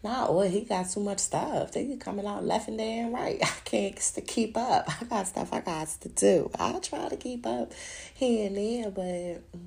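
A woman's voice: medium pitch, normal speed, vocal fry, darkish tone. A woman hosting a podcast, talking alone in a rambling, profane, casual way and laughing often. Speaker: podcast host. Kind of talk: casual solo chat.

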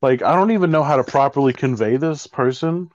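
A man's voice: medium pitch, brisk, no echo. A man in casual chat, rambling and exasperated as he tells a story, swearing freely. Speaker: co-host telling a work story. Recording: dry, slightly dull recording.

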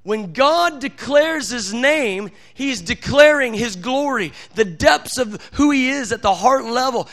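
A man's voice: very high voice, expressive, measured pace, hardly any pauses, a bit bright. A man preaching a sermon with fervent delivery that builds to emphatic outbursts.

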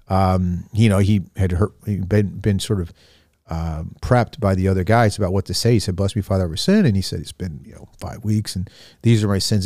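A man's voice: fairly low pitch, darkish tone, no echo, studio quality. A man hosting a faith podcast, telling a story in a loose, casual way with many fillers and restarts. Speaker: podcast host. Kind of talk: casual spiritual reflection.

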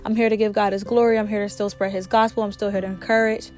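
A woman's voice: mid-range voice, flat delivery, quick pace, darkish tone. A woman hosting a faith talk show, sounding a little sick and speaking earnestly and conversationally. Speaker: podcast host.

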